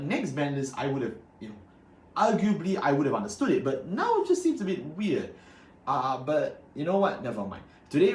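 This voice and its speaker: A man's voice: medium pitch, slight background noise. Exasperated man ranting, echoey room. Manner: exasperated, animated, sarcastic ranting. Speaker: card game content creator. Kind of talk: ranting deck commentary to camera. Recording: echoey room with faint ambience.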